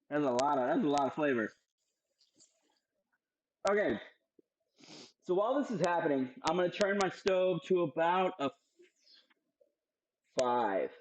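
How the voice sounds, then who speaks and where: Young dude doing a goofy cooking demo, kinda high voice, swears a lot. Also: male voice, highs cut off, slight background noise. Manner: playful, joking, swears freely. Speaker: cooking show host.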